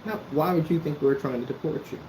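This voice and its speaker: A man's voice: fairly high pitch, a little fast, a little mellow, a little hiss or hum. A man ranting at someone straight to the camera, scolding and sarcastic, with a lot of repetition. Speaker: vlogger. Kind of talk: confrontational address to camera. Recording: echoey room.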